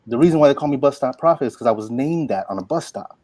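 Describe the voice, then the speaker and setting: A man in his forties, a poet and workshop teacher, telling stories in an animated, folksy way full of "like" and "you know". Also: mid-range voice, fast, no echo. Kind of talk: inspirational storytelling talk.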